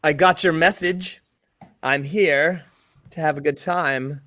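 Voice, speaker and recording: A sly female demon purrs her words slowly, teasing and drawing each one out in a raised voice for a tabletop game, as a man puts her on. She sounds playful and knowing. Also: on the high side, steady tone, fairly bright tone. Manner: teasing, drawn-out. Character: sultry female demon, a succubus.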